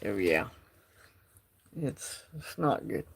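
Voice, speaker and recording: A man's voice: fairly low pitch, big pitch swings, slow pace, vocal fry, slightly rough. A man hosting a casual livestream from his phone, rambling and reading out the chat. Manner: rambling, drawling, reads chat aloud. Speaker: livestream host.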